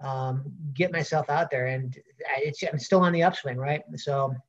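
A man's voice: a little high, normal speed. Man, Brooklyn accent, pro wrestler, rambling, lots of fillers, dull lo-fi sound. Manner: rambling, many fillers and restarts. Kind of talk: casual interview answers.

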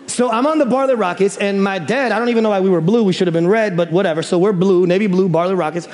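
A young man from the Chicago area preaching, telling stories in a joking, animated way with loud exclaims. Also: sits high, fast talker. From Chicago area, USA. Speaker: pastor. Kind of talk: sermon with storytelling. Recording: reverberant hall.

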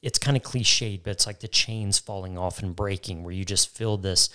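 A man's voice: low voice, fairly even intonation, normal speed, bright, forceful tone. A man co-hosting a faith talk, telling a personal story earnestly and repeating key phrases for emphasis. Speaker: co-host.

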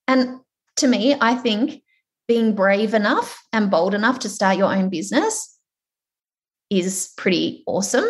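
A woman with an Australian accent leads an online workshop over a video call, her voice sitting a little on the high side. She talks in a chatty, encouraging way, animated and warmly rallying her listeners. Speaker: workshop presenter.

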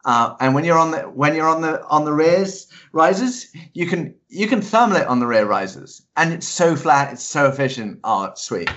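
A man being interviewed as a paraglider pilot, talking in an enthusiastic, animated way. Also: a little high, moderate pace, hardly any pauses, lo-fi sound. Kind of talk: casual interview chat.

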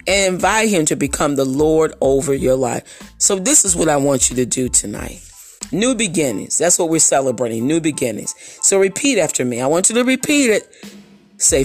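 A woman's voice: deep voice, lively intonation, moderate pace, soft background music. A woman preaching a sermon, emphatic and rhythmic, repeating key phrases.

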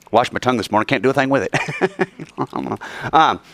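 Lively, joking male teacher lecturing a class. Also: gravelly, no room sound. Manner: joking, quick asides to students; acts out quoted arguments in a raised pitch.

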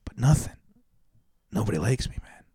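Low-voiced joking man on a podcast. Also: sing-song, normal speed, warm tone, breathy edge, no echo. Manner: rambling, joking, self-deprecating. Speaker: podcast co-host. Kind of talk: casual podcast banter.

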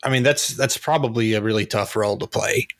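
A man co-hosting a casual movie review podcast, enthusiastic and quick to laugh. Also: on the low side, no echo. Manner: enthusiastic, laughs often, says "dude". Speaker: podcast co-host.

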